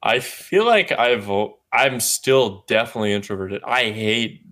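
A young man, a podcast guest and streamer, telling stories in animated casual chat and laughing often. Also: medium pitch, a little slow. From Canada.

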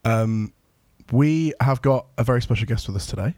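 A man co-hosting a podcast in casual chat, playful and teasing, quick to laugh. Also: medium pitch, warm tone, no echo. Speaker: podcast co-host.

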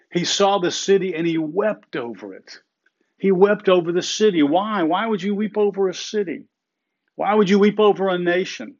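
A middle-aged man preaching a sermon in an earnest way, slowing down and repeating phrases for emphasis. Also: fairly high pitch, darkish tone, muffled recording. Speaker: pastor.

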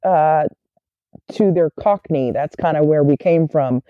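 A woman's voice: sits low, a little slow, dry recording, highs cut off. A middle-aged woman with a Southern American accent, chatting casually and animatedly as a podcast co-host, swearing freely. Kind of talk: casual chat.

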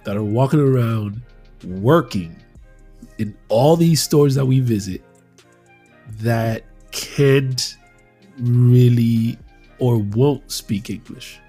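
A man on a casual podcast, slowly working through a question with many restarts. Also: medium pitch, warm tone, faint music behind. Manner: halting, posing a question slowly. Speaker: podcast co-host.

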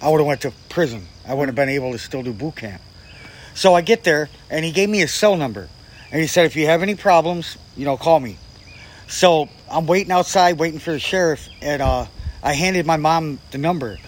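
A man's voice: on the high side, fairly quick, a little hiss or hum. A man telling a story in casual chat, swearing freely and acting out what people said. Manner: profane, acts out quoted people. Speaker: guest storyteller.

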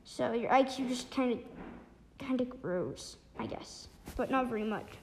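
High-voiced woman recapping a book haltingly. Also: slight background noise. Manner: halting, many restarts and fillers. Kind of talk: casual spoken book recap.

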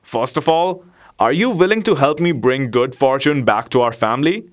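A man's voice: medium pitch, lively intonation, normal speed, lightly acted. A man voicing a clever, scheming house cat who lays out a plan in a storybook reading. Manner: knowing, earnest.

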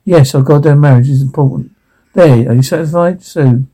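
An actor playing a short-tempered middle-aged father in an animated sitcom, blunt and quick to swear. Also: fairly high pitch, husky, poor audio. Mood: exasperated. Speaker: father and husband.

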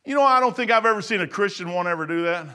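A middle-aged man preaching a sermon in a folksy, emphatic way, swinging from loud to low. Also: fast, smooth.

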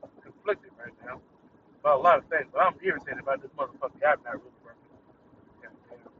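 A man's voice: mid-range voice, quick pace, distant mic, phone-quality sound, noisy background. A young man ranting casually, irritated and swearing, breaking into laughter at his own jokes. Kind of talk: casual venting monologue.

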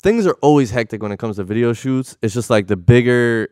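A man's voice: medium pitch, fairly quick, darkish tone, no echo, clean studio sound. A man telling a long story in casual chat with lots of slang and fillers. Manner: laid-back, slangy, many fillers. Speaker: video director.

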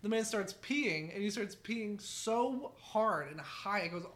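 A man's voice: high-pitched, expressive, unhurried, fairly bright tone. A man co-hosting a podcast, telling a crude story in casual chat, often giggling and rambling. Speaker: podcast co-host.

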